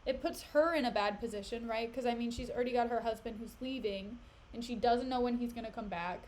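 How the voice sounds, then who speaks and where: A woman streamer casually retelling a play in a chatty, animated way. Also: a little high, brisk, a little hiss or hum. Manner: animated, chatty, laughs often.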